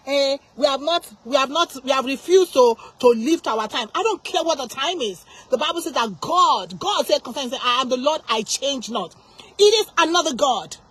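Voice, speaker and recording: Woman, high-pitched, fired-up faith talk, emphatic, preachy. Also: lively intonation, quick pace, low-quality recording. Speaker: Christian channel host. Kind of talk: passionate faith talk to camera.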